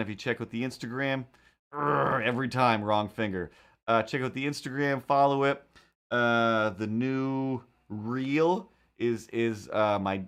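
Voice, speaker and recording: A man hosting a drawing live stream, casually telling a rambling story and acting out the people in it. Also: medium pitch. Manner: animated, acts out quoted voices, rambling asides. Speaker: live-stream host and cartoonist.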